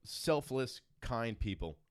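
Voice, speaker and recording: A man's voice: mid-range voice, animated, takes it slowly, no room sound, clean studio sound. A man hosting a casual podcast chat, laughing often and telling loose, profane stories. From from an Irish family. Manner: laughs often, swears, tells loose anecdotes. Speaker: podcast host.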